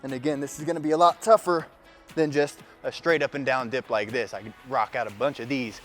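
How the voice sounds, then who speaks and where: A man's voice: medium pitch, steady tone, fairly quick, fairly bright tone, soft background music. A man giving casual workout instructions as a fitness coach, talking while he demonstrates exercises and sometimes sounding slightly strained from the effort. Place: gym.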